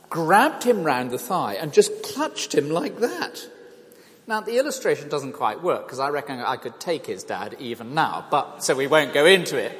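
Speaking in a mid-range voice, an older man delivers an evangelistic talk to a crowd. His manner is chatty and self-deprecating, and he tells his stories with animation while the reverberant hall carries the sound.

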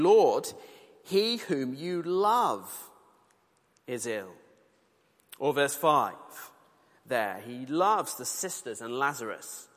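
A British man preaches an earnest, conversational sermon, dropping colloquial asides as he reads scripture. His voice is medium-pitched and fairly bright, echoing with the long reverb of a large hall.

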